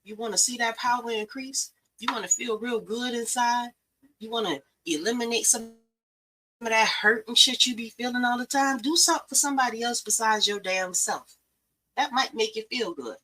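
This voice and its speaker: A woman's voice: on the high side, moderate pace, pushed and bright, rough recording. A middle-aged woman, hosting a talk show and giving blunt, profane, emphatic advice. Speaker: podcast host. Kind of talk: preachy motivational talk.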